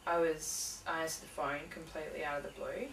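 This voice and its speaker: Young woman, lowish voice, halting casual interview talk, roomy distant mic. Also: level tone, a bit bright, a little hiss or hum. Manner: hesitant, full of fillers and restarts. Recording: echoey room, mic from a distance.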